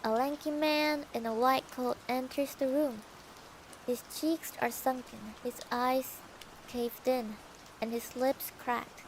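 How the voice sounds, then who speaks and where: A woman's voice: high voice, steady tone, takes it slowly, slight background noise, poor audio. A young woman reading a novel aloud for her stream, playful and adding her own comments between passages. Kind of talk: casual storybook reading with asides.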